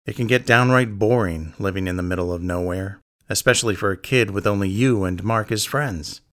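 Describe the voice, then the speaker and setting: A man's voice: fairly low pitch, brisk, a bit bright, close to an everyday voice. A man voicing a creepy grown man who admires a killer, speaking in an insinuating, mocking way. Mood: musing. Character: creepy grinning adult man, fan of murders. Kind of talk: audiobook character reading.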